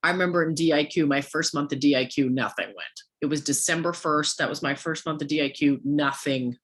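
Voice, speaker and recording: A woman gives a motivational coaching talk to a sales team, firing off rhetorical questions at her listeners. Her voice is hoarse, worn-out, and low-pitched, and she speaks a little fast.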